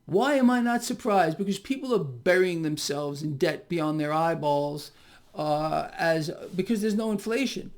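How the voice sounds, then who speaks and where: A man's voice: a little high, animated, unhurried. A man giving solo financial commentary in a mocking, sarcastic tone, often breaking into exclamations.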